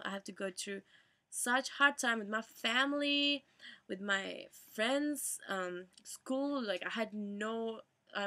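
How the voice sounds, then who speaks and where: Emotional young woman with a bright, gravelly voice. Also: mid-range voice. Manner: tearful, halting, many fillers and restarts. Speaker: vlogger. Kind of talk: emotional personal vlog.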